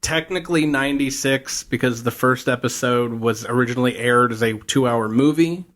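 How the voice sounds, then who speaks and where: A man talking through an old show's plot in a relaxed podcast chat. He rambles from scene to scene, a voice of ordinary middle pitch with plenty of "uh"s. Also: normal speed. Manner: rambling storyteller, acts out scenes. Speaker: podcast co-host. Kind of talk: casual chat recapping a TV show.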